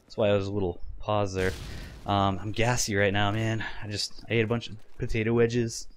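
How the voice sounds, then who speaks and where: A man's voice: on the low side, flat delivery, brisk, slight background noise. Rambling, filler-heavy young man. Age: 20s. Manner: rambling, many fillers and restarts, laughs often. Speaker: gaming YouTuber. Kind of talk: casual vlog talk over gameplay.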